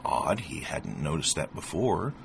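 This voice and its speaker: A man narrating a fable in an expressive storytelling read-aloud. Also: a bass voice, unhurried, vocal fry, a little hiss or hum. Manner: expressive, animated reading. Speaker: narrator reading an article.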